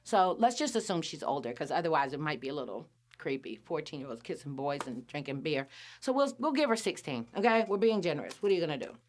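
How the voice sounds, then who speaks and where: A woman's voice: sits low, fast. A woman hosting a podcast, casually recapping a cartoon episode and acting out the characters' lines with lots of laughs. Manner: animated storyteller, acts out characters' lines, laughs often.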